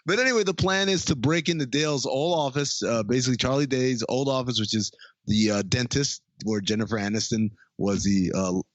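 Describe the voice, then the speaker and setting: A man's voice: mid-range voice, a little fast, no echo, highs cut off. A man co-hosting a podcast, retelling a movie in a casual, profane way and laughing as he goes. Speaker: podcast co-host. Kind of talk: casual movie recap chat.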